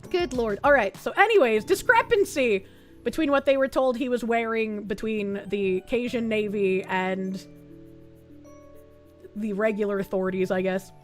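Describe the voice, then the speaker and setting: A woman's voice: fairly high pitch, moderate pace, faint music behind. A young adult woman streaming, chatting loosely through casual reaction commentary, swearing freely and reading chat messages aloud.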